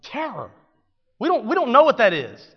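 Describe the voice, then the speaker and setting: Guy preaching a sermon, goes quiet then yells, kinda muffled, echoey church hall. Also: very high voice, wildly swooping pitch, fast talker. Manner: dramatic, swings from hushed to shouting. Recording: dull sound with long hall reverb.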